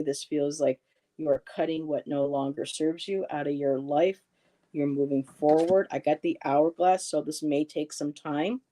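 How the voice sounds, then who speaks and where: Chatty woman doing live card readings, soft mellow voice, laughs a lot. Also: sits low. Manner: chatty, reassuring, reads chat comments aloud, laughs often. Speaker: tarot reader and live-stream host.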